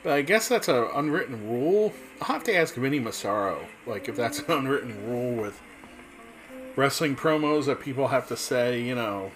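A man in an easy, rambling monologue, chatting loosely and circling back on himself. His voice sits at an ordinary mid pitch. Faint music runs quietly in the background. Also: lively intonation, normal speed, rough recording. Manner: chatty, rambling, frequent fillers and restarts.

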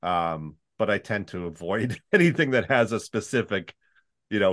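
A Canadian man with a baritone voice, a voice-over artist chatting in an interview and slipping into demo voices. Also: moderate pace. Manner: chatty, animated, demonstrates reads in put-on voices. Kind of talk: casual interview chat.

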